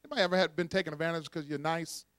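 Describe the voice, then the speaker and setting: A man's voice: a little high, racing, no room sound, clean studio sound. A man preaching a sermon, calling on the congregation to repeat after him and telling stories with laughs. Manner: call-and-response preaching, animated storytelling with laughs. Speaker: pastor.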